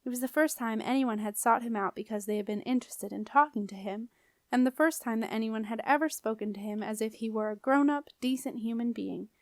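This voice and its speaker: A woman reads a children's novel aloud in a calm, clear and expressive way. Her voice sits fairly high and the recording is close and dry, with no room around it. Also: brisk, dry recording. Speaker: audiobook reader. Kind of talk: storybook narration.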